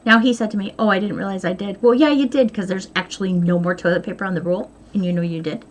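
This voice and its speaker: Talking fast at a medium pitch with fairly even intonation, a middle-aged woman vlogs from her sewing room at home. Her casual chat to camera is candid and rambling, full of self-deprecating humor.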